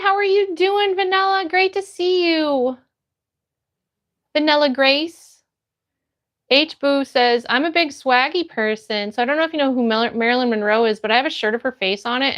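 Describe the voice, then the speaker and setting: Bubbly high-voiced young woman streamer. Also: fairly bright tone. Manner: bubbly, greets viewers by name. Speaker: livestream host reading chat. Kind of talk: casual live chat. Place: home, phone stream. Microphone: phone.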